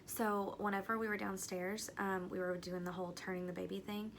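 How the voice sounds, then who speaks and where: Young woman vlogger, mid-pitched and a little gravelly, telling a personal story casually with asides and fillers. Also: level tone, fairly quick, slight background noise. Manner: chatty, rambling with fillers and asides to viewers.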